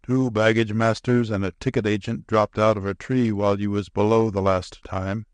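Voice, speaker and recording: Storybook figure: a man playing a gruff, blunt con-man partner, low-pitched. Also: flat delivery, moderate pace, no room sound, lightly acted. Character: blunt red-haired male con-man sidekick.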